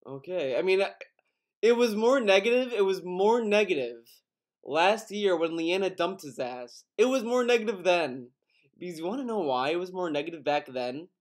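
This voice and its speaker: A young man with a fairly high voice gives sarcastic online commentary. He is mocking and exasperated, and he swears freely as he picks apart what he reads. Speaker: commentary youtuber.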